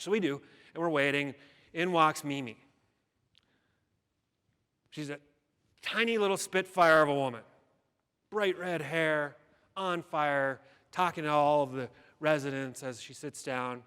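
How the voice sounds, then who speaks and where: A man's voice: fairly high pitch, a little slow, long pauses, bright, forceful tone, clear, resonant tone. A man giving a keynote speech, telling a story dramatically and acting out the people in it. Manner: dramatic storytelling with quoted voices. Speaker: keynote speaker. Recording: long hall reverb.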